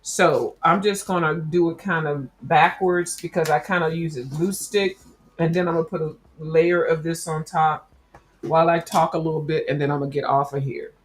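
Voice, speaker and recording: A woman chats loosely with her viewers while she works on a craft project. Her voice sits a little low, and her talk is rambling and full of slang as she addresses everyone as y'all. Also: fairly even intonation, normal speed, slight background noise. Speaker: crafting livestream host. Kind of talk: casual chat while crafting.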